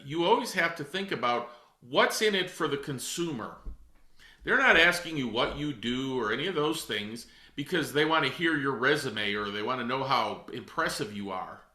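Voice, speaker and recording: A man's voice: on the high side, sharp tone. Emphatic man coaching in an echoey room. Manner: direct, emphatic, addresses listeners as folks. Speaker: real estate coach. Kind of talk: coaching talk.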